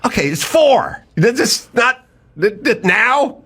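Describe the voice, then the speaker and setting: Animated, bright-voiced middle-aged man telling a story. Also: takes it slowly, breathy edge. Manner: animated anecdote, swinging up for mimicked voices and down low and quiet; swears freely, exasperated. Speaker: podcast host. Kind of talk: comic storytelling.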